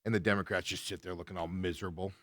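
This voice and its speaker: A man hosting a sports talk show, ranting casually, laughing often and mocking people with quick impressions. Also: low-pitched, little pitch movement, a bit bright, no echo, studio quality.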